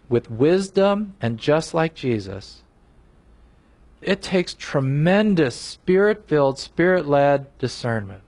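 Earnest male preacher. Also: fairly high pitch. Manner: earnest, emphatic preaching with frequent restarts. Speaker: pastor. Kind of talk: sermon.

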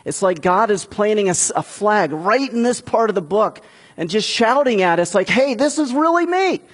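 A man's voice: sits high, moderate pace, slightly rough. A man preaching a sermon in a conversational way, building to emphatic peaks. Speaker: pastor.

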